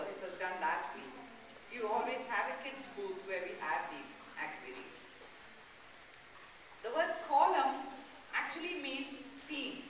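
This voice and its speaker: A woman from India presenting to a class of schoolchildren, coaxing them to repeat words. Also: on the high side. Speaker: guest presenter. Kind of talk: teaching schoolchildren. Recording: echoey, distant, noisy classroom.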